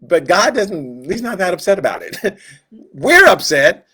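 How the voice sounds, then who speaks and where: Man teaching Sunday school, slightly high voice. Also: big pitch swings, measured pace, sharp tone, husky. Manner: conversational, joking asides, acts out quoted voices. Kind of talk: casual Bible teaching.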